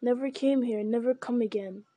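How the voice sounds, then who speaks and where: A woman's voice: a little high, normal speed, dark tone, no room sound, natural voice. A woman voicing a wretched, whining male creature who pleads and repeats himself. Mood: pleading. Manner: whimpering, repetitive pleading.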